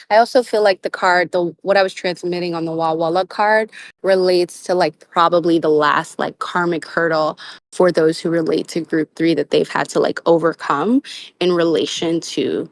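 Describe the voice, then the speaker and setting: Woman doing a live tarot reading, kinda low voice, super casual and rambly w slang, dry close mic. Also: steady tone, normal speed, dry recording. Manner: casual, loose, searching phrasing with slang and fillers. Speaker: tarot reader.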